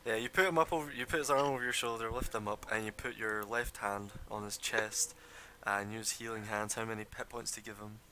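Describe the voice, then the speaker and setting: A man's voice: lowish voice, steady tone, fairly quick, hardly any pauses, sharp tone, a little hiss or hum. A young man running a tabletop game as game master, describing scenes loosely with lots of fillers and laughter.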